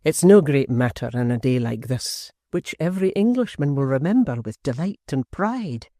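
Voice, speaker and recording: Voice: mid-range voice, expressive, moderate pace, dark tone, no room sound, studio quality, close to an everyday voice. An audiobook narrator voicing a zealous nobleman who speaks grandly and with self-satisfaction. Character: zealous lordly political leader.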